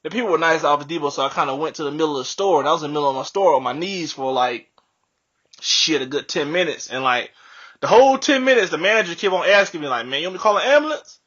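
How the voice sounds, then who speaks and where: High bright-voiced young man telling a story. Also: fast talker. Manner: animated, profane, laughs often. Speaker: podcast co-host. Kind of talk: casual storytelling. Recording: dull lo-fi podcast audio.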